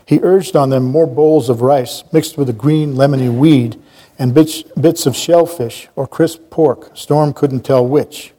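Man reading a novel aloud, mellow voice. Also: mid-range voice, measured pace. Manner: plain reading broken by casual self-correcting asides. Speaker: reader.

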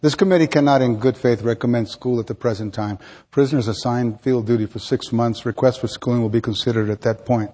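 A man's voice: mid-range voice, steady tone, fairly quick, dark tone, lightly acted. A man voicing a stern prison committee chairman who speaks in a cold, clipped, official manner.

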